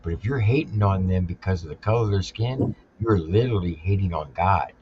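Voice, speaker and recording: A man's voice: deep voice, fairly quick, lo-fi sound, background noise. A man hosting a casual reaction chat, blunt and a little profane, laying out his views patiently with questions. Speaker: reaction channel host.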